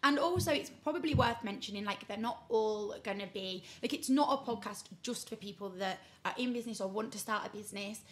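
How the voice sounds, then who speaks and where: A woman's voice: medium pitch, a little fast, few pauses, a bit bright. A woman in her twenties co-hosting a podcast, chatting casually and filling her talk with "like" and tag questions. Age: 20s. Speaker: podcast co-host. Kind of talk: casual chat. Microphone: podcast microphone.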